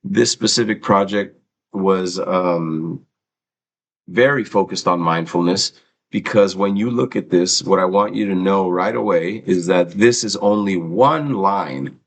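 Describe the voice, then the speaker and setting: A middle-aged man with a very low voice hosts a laid-back livestream. He chats loosely with viewers and slides into explaining an art and mindfulness exercise, dropping the odd curse word. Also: measured pace, rough recording. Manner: chatty, loose, swears casually. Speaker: livestream host and art teacher. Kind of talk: casual livestream chat and art lesson.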